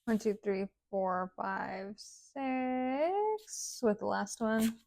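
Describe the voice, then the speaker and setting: Speaking very slowly in an expressive, slightly mellow mid-range voice with vocal fry, a woman gives a casual tarot reading. She rambles chattily, says "like" often, and her sentences end on a sing-song note.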